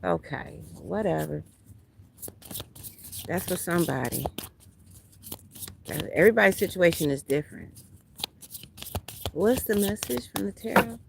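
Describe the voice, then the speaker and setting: A woman's voice: lowish voice, lively intonation, a little slow, creaky, long pauses, noisy background. A woman, doing a casual livestream tarot reading outdoors at a beach, talking bluntly and profanely to her viewers. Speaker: tarot reader.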